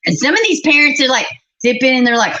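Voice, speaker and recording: A woman's voice: sits high, lively intonation, fast, pushed and bright. A middle-aged woman, hosting a livestream and chatting bluntly and with exasperation with her live chat. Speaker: livestream host. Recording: slightly muffled recording.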